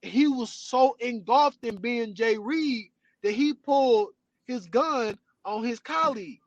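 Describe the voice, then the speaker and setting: A male podcast host tells a story in loose, animated chat, peppering it with "you know what I'm saying". His voice runs fairly high, and the close mic gives it a dry, deadened sound. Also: slow, dry recording, lo-fi sound. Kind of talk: casual chat.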